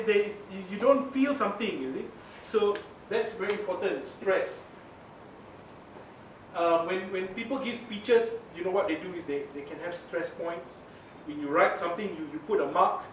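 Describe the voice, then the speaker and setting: A communications trainer with a high voice gives a lively workshop talk to an audience in a large hall, animated and laughing often as he acts out examples. The very echoey room makes him sound far off, and there's a little hiss or hum.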